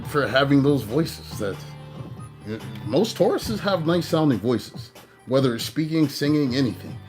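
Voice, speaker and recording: A man's voice: on the high side, darkish tone. A man hosting his own tarot channel, chatting in a laid-back, slangy, talkative way before leading a spoken blessing. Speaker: tarot reader and channel host. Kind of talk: casual chat and spoken blessing.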